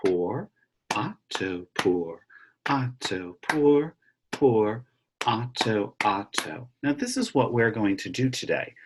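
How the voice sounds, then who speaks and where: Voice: mid-range voice, husky. An elementary music teacher reading a picture book aloud in an online lesson and chanting a clapped rhythm.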